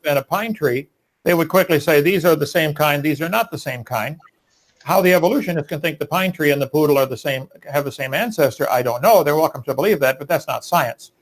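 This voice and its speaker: Emphatic man arguing in a debate. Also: fairly high pitch. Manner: emphatic, preachy. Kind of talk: debate argument.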